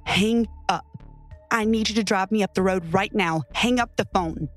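A woman's voice: medium pitch, normal speed, soft background music, lightly acted. A woman voicing a panicked injured drunk man. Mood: agitated. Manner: demanding, agitated.

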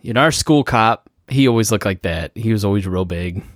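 A man's voice: fairly low pitch, a little fast, dry recording. A man hosting a podcast, chatting casually and making dry, wry remarks. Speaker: podcast host.

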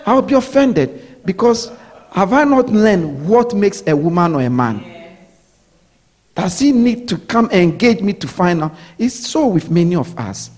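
A man's voice: sits high, sing-song, unhurried, darkish tone. A man preaching a sermon, repeating his points and often asking his listeners whether they follow. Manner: repetitive preaching, checks in with listeners.

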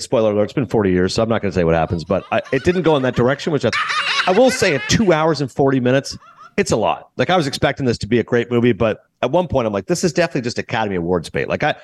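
Speaking rapid-fire at a medium pitch, a male podcast host chats casually about a movie. He gets animated and acts out what the characters say.

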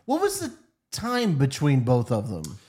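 A man with a mid-range voice whose pitch moves a lot chimes in on a casual podcast about films. He mostly agrees with brief remarks and quick questions. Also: wildly swooping pitch, a little mellow, reverberant. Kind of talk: casual movie chat.

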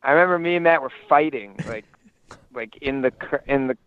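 A man's voice: mid-range voice, a little fast, slight background noise. A young man calling in to a show, telling a rambling story full of restarts and fillers, heard over a phone line. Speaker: caller. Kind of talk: casual phone chat.

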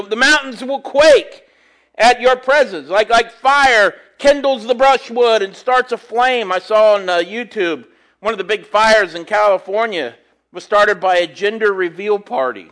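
High-voiced earnest male preacher. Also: a bit bright. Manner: earnest, reads scripture then explains it in plain talk with homely stories; restarts and repeats words while thinking aloud. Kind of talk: conversational sermon with scripture reading.

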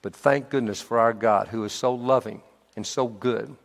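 A man's voice: medium pitch, normal speed, creaky. Man preaching in a reverberant hall. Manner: animated, swings from hushed to emphatic. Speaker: pastor. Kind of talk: sermon.

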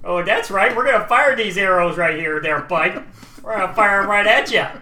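A man voicing a loud, rowdy male town guard in a tabletop game, yelling threats and calling people "bud" in a drawl. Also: medium pitch, unhurried, vocal fry, roomy sound, far from the mic, slight background noise, exaggerated voice. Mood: threatening.

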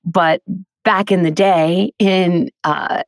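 A woman's voice: low voice, moderate pace, gravelly, no echo, studio quality. A middle-aged woman from Queens with a faint New York accent, a voice actor and teacher telling stories in a casual interview and laughing often. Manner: chatty, animated storyteller, laughs often.

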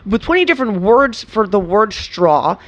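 A woman's voice: mid-range voice, sing-song, moderate pace, a bit bright, highs cut off. A woman from Venezuela, a comedian guest in casual interview chat, talking animatedly with laughs and frequent restarts.

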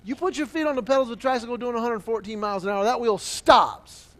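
A man preaching a sermon, telling a childhood story with lively acted-out voices and quotes. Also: very high voice, fast. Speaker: pastor.

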